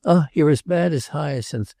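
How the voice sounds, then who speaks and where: A man's voice: on the high side, normal speed, creaky, dark tone, dry recording, studio quality, pitched above the performer's own voice. A man voicing an earnest pleading princess. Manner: earnest, grave, slightly pleading. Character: restless wealthy woman, princess, earnest and pleading. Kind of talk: audiobook character reading.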